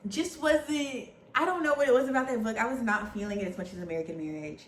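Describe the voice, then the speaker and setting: A young woman vlogging casually about books, chatty and animated, often saying "y'all.". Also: a little high, fast. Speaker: book vlogger. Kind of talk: casual chat. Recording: echoey room, faint background hum.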